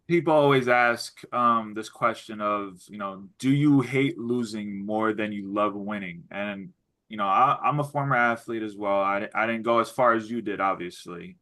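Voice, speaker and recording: Bright-voiced male interviewer. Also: fairly low pitch, normal speed. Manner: long, looping questions with restarts. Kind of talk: conversational interview questions.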